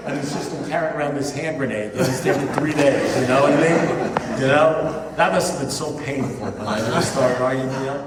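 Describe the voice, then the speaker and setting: Male speaker at a recovery meeting, animated storyteller, recorded from afar with hall reverb. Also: mid-range voice, fairly quick, very noisy. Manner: storytelling with animated quoted dialogue. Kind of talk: personal testimony talk. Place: church hall. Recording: echoey hall from far off. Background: faint audience laughter.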